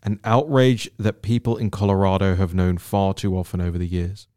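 Low-ish guy doing a solo political podcast, fired up and emphatic, dry close sound. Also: steady tone, moderate pace, mellow, dry recording. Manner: indignant, emphatic, repeats words for stress. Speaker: political commentary host.

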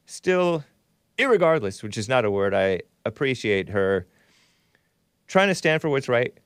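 A man's voice: mid-range voice, sing-song, measured pace, smooth, no room sound, studio quality. A man from Southern California hosting a talk show, reading viewer messages aloud with wry, sardonic asides.

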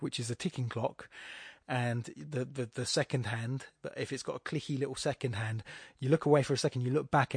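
A man's voice: medium pitch, darkish tone, husky, no echo, clean studio sound. Rambling self-deprecating male podcast host. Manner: rambling, self-deprecating, many restarts and asides. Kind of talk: casual solo podcast talk on poetry and philosophy.

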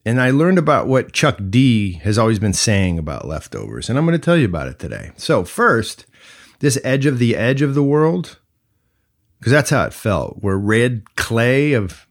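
A man's voice: on the low side, sing-song, moderate pace. A man hosting a solo podcast, talking in a playful, reflective way that moves between jokes and musing. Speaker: podcast host.

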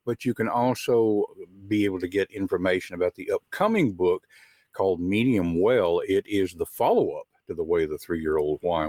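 A man's voice: lowish voice, no echo. A man with a Southern US accent hosting a live talk show, chatty and folksy, with frequent filler words. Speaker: host.

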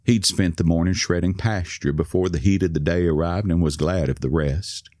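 A man with a low, deep voice reads a story aloud in a calm, measured way. The recording is dry and close, with no echo. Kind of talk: scripted narration.

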